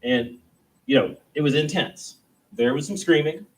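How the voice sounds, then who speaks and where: A young man doing a stand-up comedy set, rambling and self-deprecating, and breaking into quick, high-pitched voices for the characters in his stories. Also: distant mic, rough recording. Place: comedy club stage.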